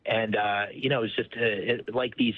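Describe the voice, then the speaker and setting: Ex-military interviewee, low husky voice, halting speech, phone-line radio clip. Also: male voice, little pitch movement, no room sound. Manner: halting, many fillers. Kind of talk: broadcast interview recollection.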